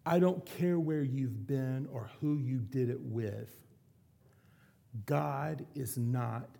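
A middle-aged man preaching a sermon, earnest, slowing down and going soft to drive points home. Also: medium pitch, gravelly. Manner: earnest, slows and softens for emphasis. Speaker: pastor.

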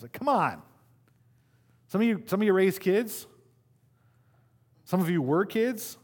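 A middle-aged man preaching a sermon as pastor to his church, conversational and animated, with playful asides to the congregation. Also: medium pitch.

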